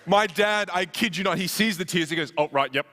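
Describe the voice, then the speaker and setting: A man in his thirties giving a keynote on a conference stage, telling a comic story in an animated, self-mocking way with quick restarts. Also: high-pitched, a little hiss or hum. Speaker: keynote speaker.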